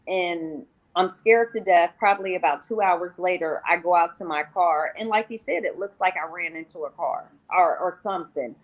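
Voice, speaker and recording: A woman guest on an interview show, telling her personal recovery story in a candid, rambling way and often quoting herself. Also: fairly low pitch.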